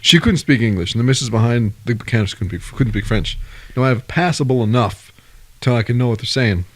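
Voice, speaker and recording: A man co-hosting a podcast in casual chat, an animated storyteller who laughs a lot. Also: mid-range voice, fairly quick. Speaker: podcast co-host.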